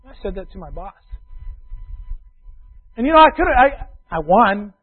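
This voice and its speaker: A man preaching a sermon, telling a confessional story and swinging between loud bursts and quiet asides. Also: high-pitched, sing-song, normal speed, pauses often. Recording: tinny phone-like radio broadcast.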